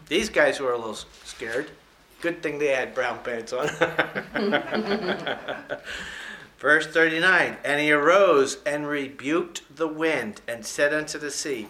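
A man preaching a sermon, reading scripture aloud in a slow, emphatic way and adding folksy, joking comments between the verses. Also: on the high side, pushed and bright, a little hiss or hum. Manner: slows down and stresses key scripture words.

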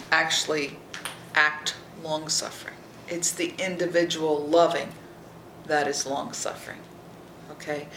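A Bible teacher reads scripture aloud and explains it verse by verse, often asking "okay?" and sometimes dropping to a soft near-whisper. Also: medium pitch, roomy sound, a little hiss or hum, poor audio. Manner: checks in with listeners by asking "okay?".

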